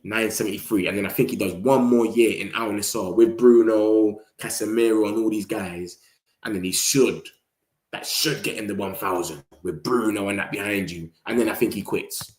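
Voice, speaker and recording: A man's voice: lowish voice, a little mellow, reverberant. A young man with a London accent chatting casually about football to his live audience, slangy and loose, now and then mimicking rival fans. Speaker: football fan channel host. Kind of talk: casual live-stream chat.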